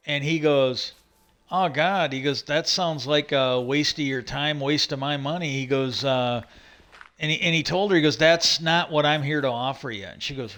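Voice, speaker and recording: A man with a fairly high, slightly bright voice hosts a livestream in a loose, rambling monologue. Retelling a conversation, he keeps saying "he goes," restarting sentences and using lots of fillers.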